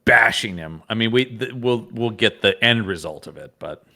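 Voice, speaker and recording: A man with a fairly low voice and vocal fry talks at a moderate pace, co-hosting a podcast. He chats casually about a comic, animated and laughing often, with frequent restarts.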